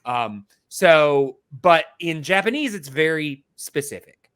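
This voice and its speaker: Give me a man chatting on a podcast, slow and deliberate, with a bright edgy voice. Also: fairly high pitch, expressive, smooth. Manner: slow, explanatory, many fillers and restarts. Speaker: podcast co-host. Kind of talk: casual podcast chat, mock mini-lesson.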